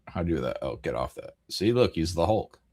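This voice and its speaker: A man's voice: low voice, very animated, moderate pace, mellow. Joking, rambling male streamer. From American Midwest. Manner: rambling, joking, laughs often, swears casually. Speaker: streamer hosting a live chat stream. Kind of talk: casual live-stream chat, reading chat messages.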